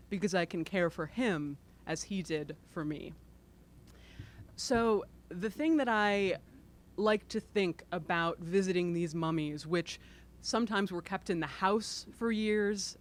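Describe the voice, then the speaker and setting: A woman author reading aloud from her own book at a bookstore event, breaking off into expressive, self-deprecating asides. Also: lowish voice.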